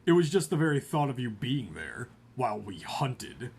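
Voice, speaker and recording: A man reading aloud as a brooding young male vampire suitor, in a soft, low-key voice. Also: big pitch swings, moderate pace, vocal fry, a little hiss or hum. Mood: restrained.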